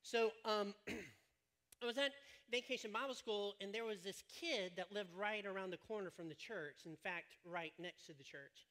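A man's voice: sits high, moderate pace, sharp tone. A man preaching a sermon from a church stage, telling stories in a joking, rambling way. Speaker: pastor.

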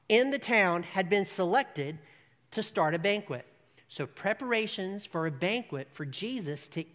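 A preacher retells a scripture story in a relaxed, conversational way, often turning to the audience with questions. The voice sits at a middle pitch. A long reverb hangs behind every phrase, as in a large hall. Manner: conversational storytelling, checks in with the audience and acts out scenes. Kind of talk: sermon.

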